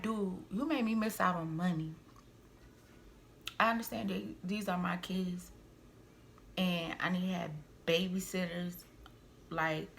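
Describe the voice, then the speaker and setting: A young woman vlogger and single mother, venting a family story to her viewers in a heated, animated way with frequent asides. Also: on the low side, slight background noise. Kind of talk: storytime vlog, venting to camera.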